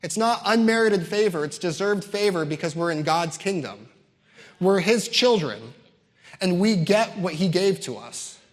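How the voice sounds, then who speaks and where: A man preaches with emphatic, repeating build-ups, breaking into casual asides between points. His voice sits a little higher than most men's. A long reverb trails every phrase, as in a large hall. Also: animated, measured pace. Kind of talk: sermon.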